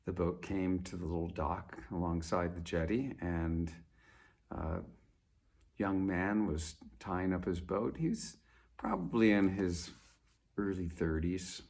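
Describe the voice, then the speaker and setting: A man telling a story in an unhurried, conversational way, pausing and restarting as he goes. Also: deep voice, a little mellow, slightly rough.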